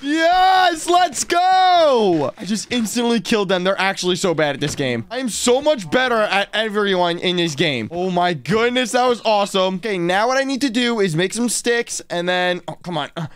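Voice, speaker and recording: A man voicing an excitable, boastful young boy gamer who panics easily in a Minecraft roleplay. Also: sits high, a little fast, hardly any pauses. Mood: panicky.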